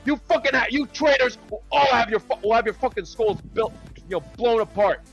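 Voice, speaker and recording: A man's voice: very high voice, brisk, fairly bright tone, slightly rough, dull audio, soft background music. A man ranting angrily in a voice chat argument, swearing heavily and hurling insults. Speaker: voice chat participant.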